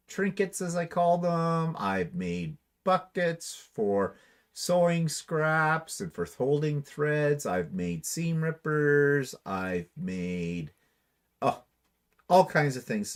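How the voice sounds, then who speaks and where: A man co-hosting a casual livestream, reading viewer comments aloud and answering them with dry, wry humor. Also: on the high side. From Canada. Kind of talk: casual chat.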